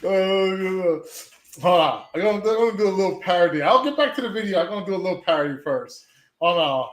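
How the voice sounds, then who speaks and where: A man's voice: high-pitched, animated, fairly quick. A man hosting a casual livestream, reacting to a video as he chats. He rambles, repeats himself and stalls with "hold on". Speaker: livestream host. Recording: roomy echo.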